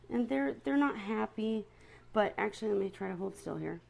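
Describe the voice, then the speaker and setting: A woman's voice: mid-range voice, lively intonation, normal speed, vocal fry, darkish tone. A woman chatting casually to viewers on a live stream about her seahorses, often stopping to apologize.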